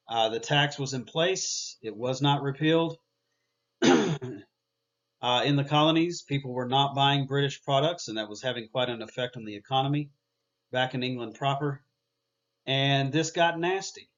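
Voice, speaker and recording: A man's voice: mid-range voice, fairly bright tone. Casual man giving a history lecture. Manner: conversational, many "uh" fillers and restarts. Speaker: history teacher. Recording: dull lo-fi recording.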